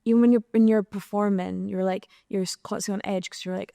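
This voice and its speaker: Scottish young woman, dry mellow voice. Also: mid-range voice, fast, gravelly, dry recording. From Scotland. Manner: animated storytelling, acting out quoted exchanges. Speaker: singer and guest. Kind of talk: candid panel conversation. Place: live podcast recording in an arts venue.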